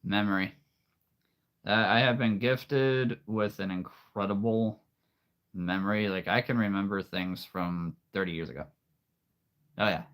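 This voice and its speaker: A man in his late thirties chatting casually with viewers on a live stream, easygoing and quick to laugh. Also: fairly low pitch, steady tone, fairly bright tone. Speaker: streamer and voice performer.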